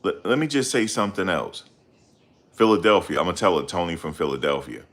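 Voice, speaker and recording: A middle-aged man hosting his channel, talking in a loud, confrontational, profane rant. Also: low-pitched, fairly quick. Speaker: channel host. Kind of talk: ranting livestream commentary.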